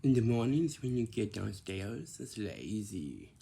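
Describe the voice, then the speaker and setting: A man with a low, gravelly voice talks slowly through everyday advice. He speaks in a dark, mellow tone, circling back and restarting his sentences as he lectures. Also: sing-song, a little hiss or hum. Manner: repetitive, instructive, many restarts and tag questions. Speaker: vlogger giving life advice. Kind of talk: casual lecturing monologue.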